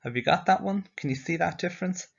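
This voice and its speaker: The recording is dull and lo-fi: a man with a slightly high, creaky voice talks fast while teaching a slide-based language lesson. He patiently walks through each step and quizzes the learner along the way.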